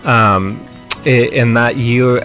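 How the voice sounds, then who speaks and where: A man co-hosting a call-in radio advice show, gently explaining and empathizing with a caller. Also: medium pitch, fairly even intonation, slow pace, faint music behind. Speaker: radio co-host, counselor.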